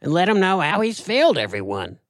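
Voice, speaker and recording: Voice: mid-range voice, huge pitch swings, fairly quick, no room sound, clean studio sound. A performer voicing a folksy, gossipy talking possum in a comedy podcast sketch. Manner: folksy drawl, complaining storyteller.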